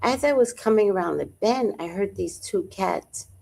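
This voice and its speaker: A woman hosting a livestream in casual chat, telling stories in an animated, profane way and answering viewers. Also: mid-range voice, normal speed, gravelly. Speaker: livestream host reading chat.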